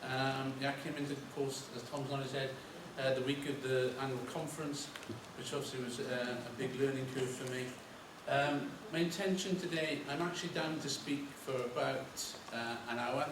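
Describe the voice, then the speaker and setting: A man introducing himself as a welfare director and opening an informal presentation, relaxed and hesitant. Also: mid-range voice, normal speed, few pauses. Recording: roomy hall from far off, noisy.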